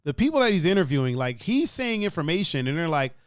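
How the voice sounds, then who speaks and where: A man's voice: fairly high pitch, fast, clean tone, dry recording, studio quality. A young man hosting a podcast in casual chat, telling stories with lots of laughs and swearing, acting out what others said. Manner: animated storyteller, swears, laughs often, acts out quotes. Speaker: podcast host.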